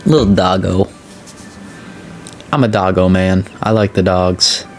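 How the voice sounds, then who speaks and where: A man hosting a let's play, chatting casually and excitably as he plays. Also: a little slow, slight background noise. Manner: chatty, excitable, voice jumps high when excited. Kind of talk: casual gameplay commentary.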